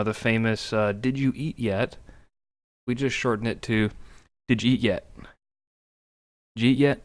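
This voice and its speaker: A man's voice: fairly low pitch, clear, resonant tone. A young man from Texas chatting casually over gameplay, rambling with lots of ums and restarts. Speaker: gameplay commentator. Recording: steady noise and game sounds behind.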